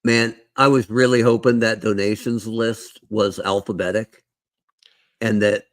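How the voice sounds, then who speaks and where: A man's voice: fairly low pitch, fairly even intonation, measured pace, dry recording. A man co-hosting a podcast, chatting casually and making joking asides. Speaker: podcast co-host. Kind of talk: casual chat.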